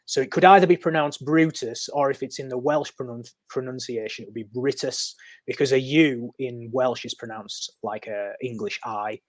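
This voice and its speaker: A man's voice: mid-range voice, brisk, hardly any pauses, no room sound. A man talking as a podcast guest, explaining history in a loose, storytelling way with frequent ums and restarts. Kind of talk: conversational explaining. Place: podcast recording.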